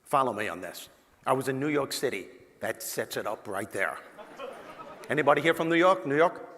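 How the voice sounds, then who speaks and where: Animated male speaker in a big hall. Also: mid-range voice, moderate pace. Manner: animated, punchy, talks directly to the crowd. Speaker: motivational speaker. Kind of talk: humorous keynote storytelling to a live audience. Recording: long reverb of a large hall.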